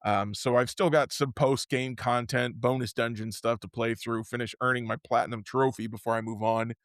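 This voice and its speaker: A man co-hosting a casual podcast, his voice sitting at an ordinary middle pitch. He rambles happily and keeps restarting his sentences as he gets excited. The close microphone sounds dry, with no room echo at all. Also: moderate pace. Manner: rambling, self-interrupting, excitable. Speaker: podcast co-host. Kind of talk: casual chat.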